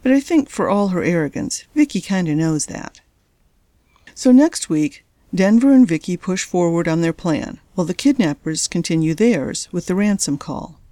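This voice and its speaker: A woman's voice: fairly low pitch, animated, moderate pace, warm tone, no echo. A woman hosting a story podcast, reading narration and adding casual, wry comments.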